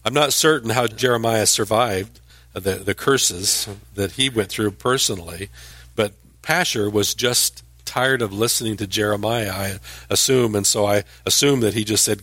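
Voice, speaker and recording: A man's voice: fairly low pitch, moderate pace, a bit bright, dry recording. A man teaching scripture, dry close sound. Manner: explanatory, with restarts and emphatic rises. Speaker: Bible teacher. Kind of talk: verse-by-verse Bible teaching.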